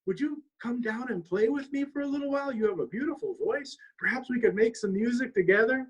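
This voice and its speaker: A man voicing a playful, bored male raccoon trickster who coaxes and wheedles, his voice pitched up well above his own. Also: expressive, fairly quick, husky, full character voice, low-quality recording. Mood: coaxing. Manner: coaxing, wheedling. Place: longhouse.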